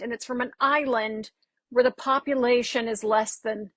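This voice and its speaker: A woman who works as a dialect coach, speaking as a guest on a podcast. She tells lively stories and acts out the exchanges she quotes. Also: on the high side, unhurried, no room sound. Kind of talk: casual interview chat.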